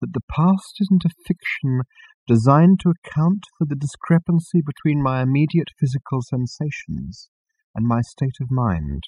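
A man voicing a gentle, vague hermit who muses softly and answers questions with more questions. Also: mid-range voice, expressive, normal speed, breathy edge, no room sound, voice pushed up. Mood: musing. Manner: mild, musing, softly questioning.

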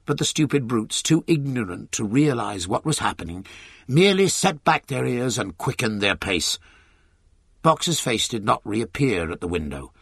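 A man narrating an audiobook with an expressive, dramatic reading. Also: medium pitch, moderate pace, gravelly, slightly rough, dry recording, clean studio sound.

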